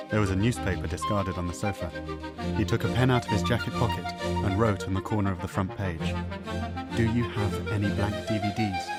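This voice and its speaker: A low-pitched male narrator reading a thriller in an even, measured way. Loud music sits underneath the narration throughout. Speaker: audiobook narrator. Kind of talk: scripted narration.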